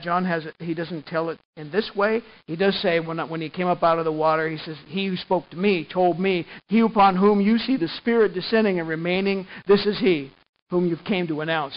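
A man preaching a sermon as pastor, animated, swinging from hushed tones to loud emphasis and often repeating words. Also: high voice, muffled recording.

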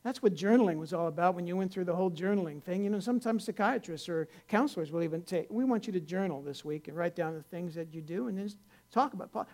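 A man's voice: sits high, fast, a little mellow. An older man, a pastor, preaching a conversational sermon in a folksy, rambling way, with many restarts, rising to earnest emphasis.

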